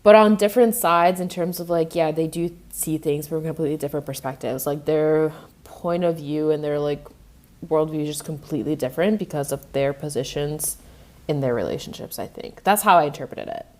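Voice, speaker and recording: A woman from Eastern Europe co-hosting a podcast, chatty and quick to laugh, with lots of fillers. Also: sits low, a little mellow. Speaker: podcast co-host. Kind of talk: casual podcast chat.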